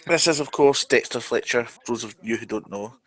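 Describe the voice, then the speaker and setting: A man's voice: medium pitch, fairly quick, fairly bright tone. A Scottish man co-hosting a casual fan commentary, easygoing and chatty. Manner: easygoing, chatty, laughs easily. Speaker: commentary co-host.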